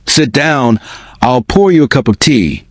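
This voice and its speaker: A man voicing a gentle, cryptic old blind banshee woman with an Irish accent in a storybook reading. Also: mid-range voice, animated, unhurried, no room sound, studio quality, pitched above the performer's own voice. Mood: kindly.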